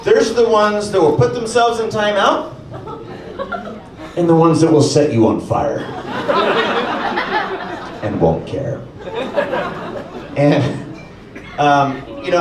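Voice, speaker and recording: A man performing a stand-up comedy set, telling stories with lots of animation and acting out other people in high voices. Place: comedy club stage with audience. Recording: echoey club, far-off mic, audience noise.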